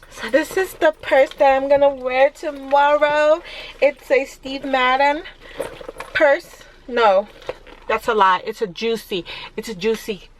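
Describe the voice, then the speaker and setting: A woman's voice: high-pitched, slight background noise. A young woman, a mother vlogging casually to camera in a chatty, scattered way and laughing often. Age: young adult. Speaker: vlogger, mom of five.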